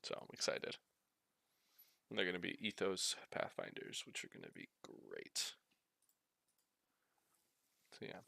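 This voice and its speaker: Male co-host, relaxed halting chat, low gravelly voice, dry close audio. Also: no room sound. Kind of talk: casual livestream chat.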